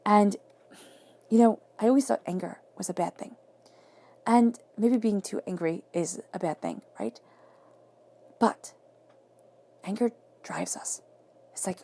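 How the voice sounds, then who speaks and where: A woman reads tarot in an emphatic, affirming way. Her voice is gravelly and dark in tone, and she often sinks into soft whispers to stress a point. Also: medium pitch, lively intonation, unhurried, long pauses. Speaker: tarot reader. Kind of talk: spoken tarot reading.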